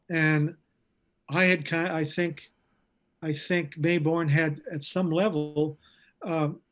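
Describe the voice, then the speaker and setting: A man, an actor and interview guest, reminiscing about a scene in a halting way and chuckling between phrases. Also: on the high side. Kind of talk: reminiscing in conversation.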